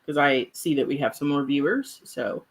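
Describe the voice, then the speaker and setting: A woman with a fairly low voice chatting casually as co-host of a livestream. She is relaxed and quick to laugh. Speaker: co-host and early reader.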